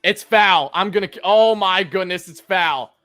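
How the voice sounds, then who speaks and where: A man with a high voice calls a game live as a fan, talking straight to his chat. He moves between easy pitch-by-pitch calls and loud, excited reactions, with faint music playing underneath. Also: a little slow, no room sound. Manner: chatty, addresses chat as "guys", swings from calm calls to loud outbursts. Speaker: fan commentator and streamer. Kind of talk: live play-by-play fan commentary.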